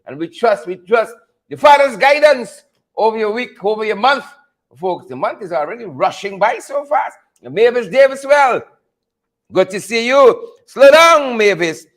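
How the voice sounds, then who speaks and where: A male podcast host greeting viewers by name on a live stream, energetic and hype. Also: sits high, moderate pace.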